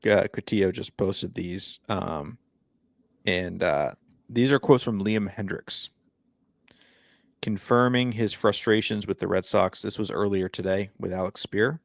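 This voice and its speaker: A man's voice: low voice, unhurried, gravelly, dry recording, studio quality. A man co-hosting a sports podcast, talking in a laid-back, wry way and reading quotes aloud. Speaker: podcast co-host. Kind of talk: casual sports chat.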